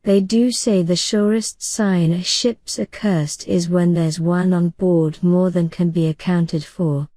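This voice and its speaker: A woman's voice: lowish voice, fairly even intonation, slow pace, hardly any pauses, mellow, no echo. A woman reading as an insolent superstitious pirate. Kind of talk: soft bedtime audiobook reading.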